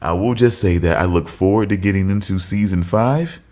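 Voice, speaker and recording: A man's voice: low voice, normal speed, a little mellow. A man co-hosting a casual podcast chat, thinking aloud and circling back through restarts as he works out his point. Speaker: podcast co-host.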